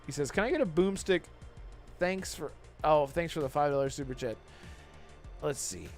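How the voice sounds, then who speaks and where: A man's voice: fairly high pitch, moderate pace, faint music behind. Upbeat man hosting a gaming podcast. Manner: upbeat, laughs often, thanks chat members. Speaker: podcast host. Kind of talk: casual gaming podcast chat.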